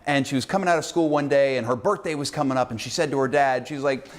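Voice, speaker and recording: A filmmaker sending a casual video message to introduce a screening. He tells an animated, exasperated story. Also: medium pitch, quick pace, few pauses.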